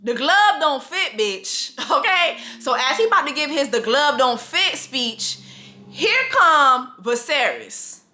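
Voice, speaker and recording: A woman recapping a TV episode in a casual comedic rant, profane and animated, acting out the characters and laughing often. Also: high voice, slow pace.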